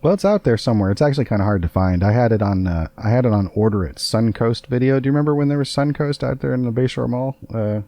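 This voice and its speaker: A man's voice: medium pitch, expressive, fast, hardly any pauses, mellow, no echo. A man hosting a casual podcast, rambling along with many fillers and self-corrections. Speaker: podcast host.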